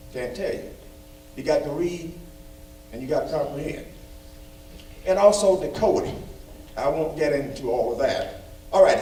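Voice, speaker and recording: A man with a fairly high voice gives a folksy, emphatic report at a school board meeting, leaning on repeated phrases to make his points. He sits well back from the microphone. The room is echoey, with a faint hum behind him. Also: a little mellow. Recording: echoey room, far from mic.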